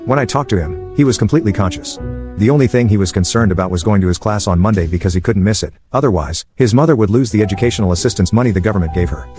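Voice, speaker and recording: A man reading storytime narration in a steady, even manner. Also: fairly low pitch, rapid-fire, faint music behind.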